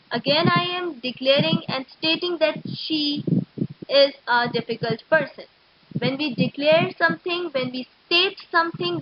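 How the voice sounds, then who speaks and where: A woman teaching an English grammar lesson to schoolchildren, explaining slowly and methodically. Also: high-pitched. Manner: slow, explanatory, steady and methodical. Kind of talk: recorded classroom lecture. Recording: dull lo-fi recording.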